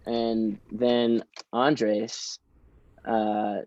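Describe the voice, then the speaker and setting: A man's voice: lowish voice, flat delivery, drawn-out words, darkish tone, dull audio. A young man telling stories as a guest in a casual podcast interview, in an enthusiastic, chatty way. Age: young adult.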